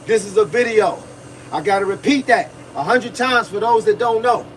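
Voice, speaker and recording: High-pitched black coach talking at a livestream, a bit off mic with light noise behind. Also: male voice, a little fast, fairly bright tone, distant mic, low-quality recording. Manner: preachy, repetitive, talks to viewers, grunts while punching a bag. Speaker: boxing coach.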